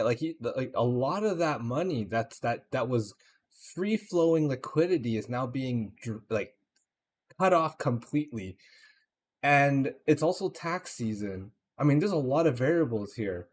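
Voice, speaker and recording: A Canadian man hosts a livestream with easy, rambling chat, padding his thoughts with fillers. He speaks at an average pitch for a man, with faint noise in the background. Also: a little mellow. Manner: loose and rambling, many fillers like "like" and "uh".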